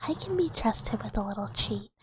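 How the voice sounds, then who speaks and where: A woman streamer in soft, giggly, rambling whispered casual chat with a breathy voice. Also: mid-range voice, lively intonation, normal speed, noisy background.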